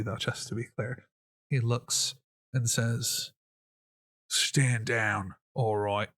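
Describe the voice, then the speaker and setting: A man runs a tabletop game with lively, amused narration in a mid-pitched voice. He talks the way someone would in casual conversation. The sound is dry and close. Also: husky, no echo. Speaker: game master.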